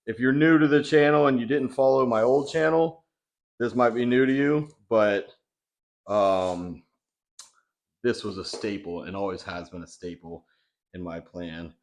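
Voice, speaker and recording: A man's voice: mid-range voice, unhurried. A young man chatting casually in a vlog, talking loosely with lots of fillers from his home kitchen. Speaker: bodybuilding vlogger.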